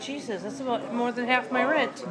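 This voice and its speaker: A man's voice: very high-pitched, fairly even intonation, normal speed, a crowd in the background. A man chatting casually with friends at a bowling alley. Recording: noisy crowded bowling alley.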